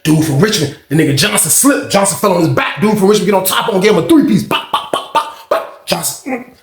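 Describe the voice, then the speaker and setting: A man hosting a casual storytime channel, telling a profane, animated prison story and mixing in vocal sound effects. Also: high-pitched, fast, roomy sound, faint music behind.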